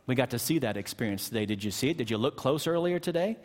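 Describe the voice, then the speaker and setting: A male pastor delivers a sermon in a church, rising in pitch to stress key words and then sinking low and slow at the ends of phrases. His voice sits at a middle pitch, and the sanctuary's long reverb trails after each phrase. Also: lively intonation.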